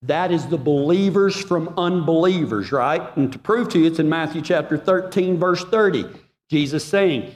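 A man preaching a sermon with passion, swinging from loud urging to hushed pleading. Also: a little high, normal speed. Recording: long reverb of a hall.

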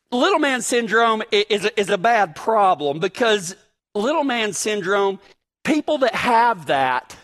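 A man delivering a sermon in a very high voice that swings widely in pitch. He talks in a folksy, animated way and drops in joking asides as he leads into his message. His delivery stays lively throughout. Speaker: pastor. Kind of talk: sermon with humorous storytelling.

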